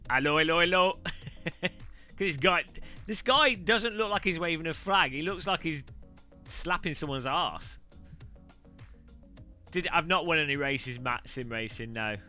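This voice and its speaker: A man's voice: fairly high pitch, expressive, a little slow, long pauses, pushed and bright, faint music behind. A man live-streaming a racing game, chatting jokily with viewers in a casual way. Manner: jokey, chats with viewers, mock French phrases.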